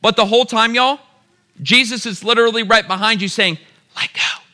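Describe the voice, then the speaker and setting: A man preaches a sermon, speaking to his listeners as "y'all". His voice sits high for a man and rings very bright and forceful. He drives points home by repeating short phrases. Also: fairly quick. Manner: addresses the crowd as "y'all", builds to emphatic repeated lines.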